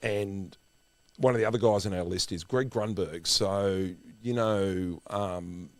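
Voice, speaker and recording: A middle-aged man co-hosting a podcast, telling anecdotes in an animated way. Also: sits low, unhurried, dry recording. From Australia. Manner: animated storyteller, acts out quoted voices. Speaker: podcast co-host. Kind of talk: casual chat, anecdotes.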